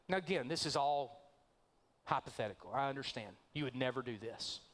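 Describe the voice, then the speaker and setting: A man's voice: medium pitch, lively intonation, fairly quick, fairly bright tone. A man, a pastor, preaching a sermon and telling a story with acted-out voices. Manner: storytelling, acting out quoted voices. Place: church sanctuary.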